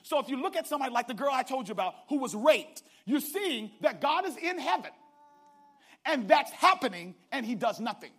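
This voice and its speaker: A man preaching a sermon, calling out to the congregation and swinging from hushed asides to shouted climaxes. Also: extremely high pitch, very animated, fairly quick, breathy edge. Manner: calls out to the congregation.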